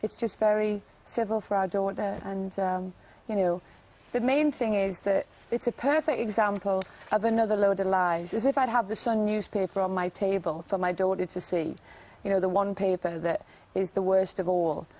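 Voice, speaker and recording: A woman giving an insistent, emotional TV interview, talking fast with many fillers. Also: medium pitch, steady tone, warm tone, low-quality recording. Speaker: interview guest.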